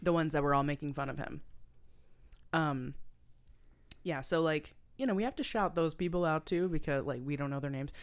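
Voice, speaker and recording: A woman's voice: deep voice, normal speed, pauses often, smooth. A young adult woman co-hosting a podcast, chatting casually and animatedly about a movie. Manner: chatty, animated, quotes film lines in put-on voices. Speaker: podcast co-host. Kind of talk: casual chat.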